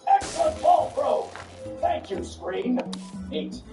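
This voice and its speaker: A woman's voice: sits high, huge pitch swings, slow pace. A woman streamer giving casual let's-play commentary, sarcastic and profane, talking back at the game. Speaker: gaming streamer. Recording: roomy, distant mic with game music.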